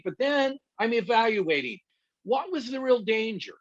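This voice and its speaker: Middle aged guy, pretty high voice, animated storyteller, dull lo-fi sound. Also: normal speed. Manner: animated storyteller who laughs at himself. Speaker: guest pastor and counselor. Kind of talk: conversational teaching with personal stories.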